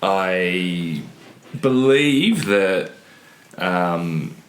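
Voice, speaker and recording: A man co-hosting a casual podcast, a little hoarse from illness, playful and self-mocking. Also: deep voice, expressive, very slow, echoey room. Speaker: podcast co-host. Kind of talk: casual chat.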